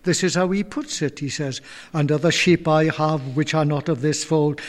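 Earnest high-voiced preacher in a reverberant hall. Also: male voice, steady tone, moderate pace. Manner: earnest, repeats words while building a point. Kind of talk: sermon.

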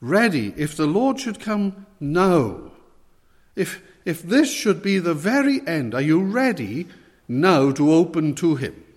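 A man's voice: a little high, big pitch swings, slow pace, long reverb tail. A man preaching an evening sermon, earnestly putting direct questions to his listeners.

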